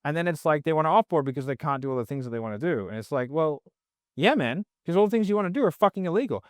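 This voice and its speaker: A man's voice: on the high side, very fast, no room sound, studio quality. A man, guesting on a podcast, ranting bluntly and swearing a lot in casual conversation. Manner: blunt, profane, animated ranting.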